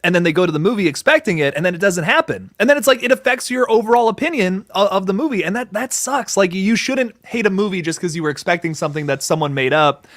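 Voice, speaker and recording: A man speaking fast in a fairly high voice on a casual livestream. He sounds earnest and leans on "like" between phrases. The recording is dry and close. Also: expressive, a bit bright, no room sound. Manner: earnest, filler-heavy, lots of "like".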